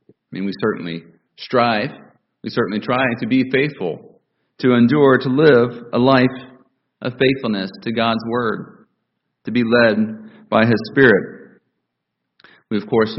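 Man preaching, low voice, measured and repetitive, slightly dull lo-fi sound. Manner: measured, repeats key phrases for emphasis. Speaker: pastor. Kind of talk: sermon.

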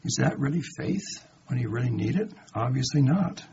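A man of middling pitch leads a conversational Bible study, reading a passage and then stopping to ask his listeners rhetorical questions. He acts out the quoted lines with lively emphasis. The recording is dull and lo-fi, with a faint hiss of background noise behind him. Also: moderate pace, vocal fry. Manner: reads verses aloud then comments with rhetorical questions. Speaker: Bible teacher.

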